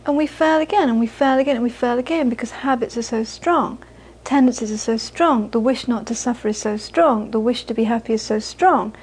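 A woman's voice: fairly high pitch, a little fast, hardly any pauses, darkish tone, slightly rough, low-quality recording. A woman Buddhist teacher giving an informal, conversational dharma talk to an audience, repeating phrases for emphasis and often laughing.

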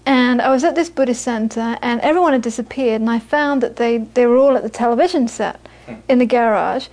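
A woman teaching Buddhism to a live audience, moving from lively anecdotal storytelling into quiet, reflective teaching. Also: a little high, a little fast. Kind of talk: dharma talk to a live audience.

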